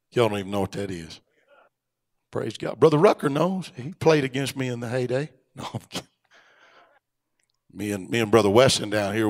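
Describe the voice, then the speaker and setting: Inside a church sanctuary with long, echoing reverb, a middle-aged Pentecostal pastor preaches with fervor. He climbs to loud, high-pitched exhortations before falling back into quiet asides.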